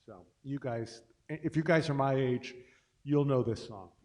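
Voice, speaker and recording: A man's voice: medium pitch, a little slow, darkish tone. A middle-aged man hosting a casual livestream, chatting between songs in a rambling, self-deprecating way. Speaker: host and singer-pianist.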